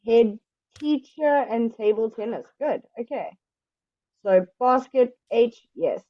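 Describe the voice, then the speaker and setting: A woman teaching English one-on-one, explaining slowly and patiently. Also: on the high side, animated, dry recording, highs cut off. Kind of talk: one-on-one online English lesson.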